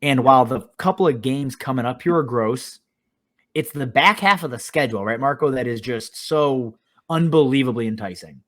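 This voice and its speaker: A man's voice: medium pitch, normal speed, fairly bright tone. A man hosting a casual fantasy football talk show, upbeat and joking with his co-host. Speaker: podcast host.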